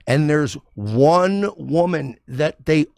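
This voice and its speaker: A man's voice: fairly high pitch, lively intonation, slow, gravelly, a little mellow, dry recording, studio quality. A man hosting a stream, rambling and profane in casual reaction commentary. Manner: rambling, profane, many restarts. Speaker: stream host.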